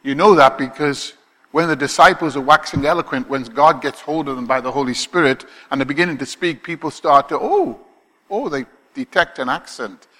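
Bright-voiced male pastor preaching in a hall. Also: mid-range voice, a little fast. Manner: emphatic, rhetorical questions to the congregation. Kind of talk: sermon. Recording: long hall reverb.

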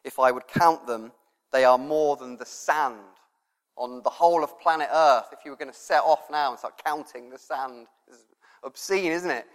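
A man's voice: mid-range voice, normal speed. A man giving an informal, chatty sermon as a preacher, rambling a little with fillers. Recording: long reverb of a hall.

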